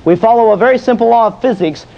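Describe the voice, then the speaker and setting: Here a high-voiced fitness instructor jokes his way through a folksy exercise talk, raising questions only to answer them himself. He talks fast, and his voice is creaky. It sounds dull and lo-fi, as if taken from an old videotape.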